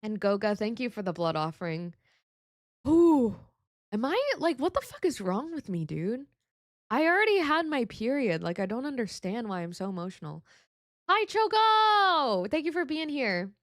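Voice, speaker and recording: A woman live-streaming as a VTuber, candid and emotional as she answers her viewers' chat. Her voice swings widely in pitch, a touch high, and she swears freely and turns sarcastic about herself. The sound is close and dry, with no room echo. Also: very animated, normal speed.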